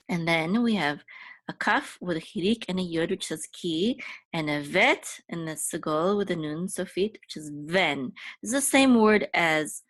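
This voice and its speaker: A woman teaching biblical Hebrew, patiently sounding out letters and vowels and repeating words slowly for learners. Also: deep voice, a bit bright, dry recording.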